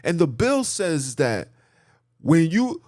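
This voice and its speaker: A podcast host rants in an emphatic, sermon-like way and hammers each point through repetition. His voice sits a little high for a man and swings widely in pitch. The sound is close and dry, with no room echo. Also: big pitch swings, takes it slowly, darkish tone. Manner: preachy, emphatic, repetitive lists. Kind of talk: ranting commentary monologue.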